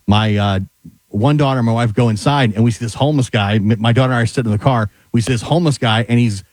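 A man's voice: medium pitch, quick pace, darkish tone, no echo. A man on a radio show telling a personal story and quoting what was said. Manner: anecdotal, retelling with quotes. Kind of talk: casual radio chat.

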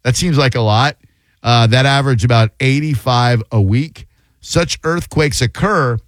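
A man's voice: medium pitch, measured pace, no room sound. A man hosting a radio show, chatting casually and riffing with sarcastic jokes. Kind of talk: casual comedic radio chat.

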